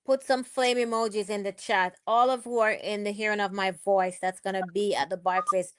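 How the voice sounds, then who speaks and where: A woman's voice: mid-range voice, steady tone, normal speed, noisy background. Chatty woman hosting a livestream. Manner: chatty, reads viewer comments aloud, cheers and laughs. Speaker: livestream host. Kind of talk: casual live stream chat.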